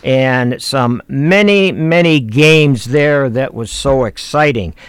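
A man's voice: mid-range voice, slow pace, clear, resonant tone, no echo. A man, hosting and telling folksy baseball stories with fillers. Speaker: host. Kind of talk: reminiscing talk show chat.

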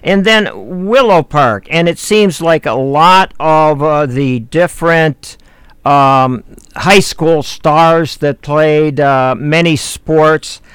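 A man's voice: a little high, slow pace, a bit bright, clean tone, no echo. A man, hosting and telling folksy baseball stories with fillers. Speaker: host. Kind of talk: reminiscing talk show chat.

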